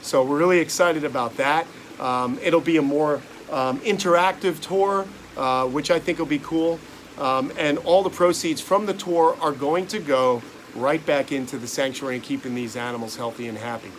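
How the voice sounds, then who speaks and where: A man's voice: on the high side, moderate pace, slight background noise. A man hosting a casual live stream outdoors, chatty and enthusiastic, talking straight to his viewers. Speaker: reptile channel host. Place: outdoors by a pond.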